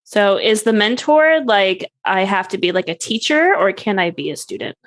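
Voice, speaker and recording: A woman playing a tabletop game, quietly asking questions about the rules in casual chat. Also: mid-range voice, sing-song, moderate pace, no echo. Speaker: player.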